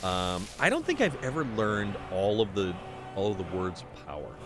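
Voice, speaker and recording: A man's voice: normal speed, over music. A man streaming a game live, chatting casually with his viewers and reacting to what happens on screen. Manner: animated, jumpy pitch with sudden high exclamations. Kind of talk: casual live gameplay commentary.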